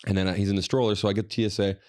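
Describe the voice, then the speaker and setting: Fast-talking profane man telling stories. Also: lowish voice, little pitch movement, darkish tone. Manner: profane, rambling, quoting others. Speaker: podcast co-host. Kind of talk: casual storytelling chat.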